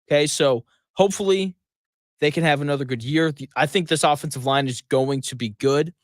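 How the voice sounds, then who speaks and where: A man hosting a sports talk radio show, delivering an emphatic, conversational monologue full of quick asides. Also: fairly high pitch, no room sound.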